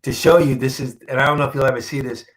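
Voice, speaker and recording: This comic book artist speaks in a mid-range voice over poor audio. He recounts a story during a laid-back interview, acting out what people said with lively energy, and he stalls and repeats words when he's moved.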